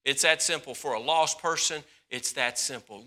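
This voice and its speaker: Bright-voiced preaching pastor. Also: male voice, medium pitch, moderate pace. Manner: impassioned preaching, swings from loud to hushed. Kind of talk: sermon.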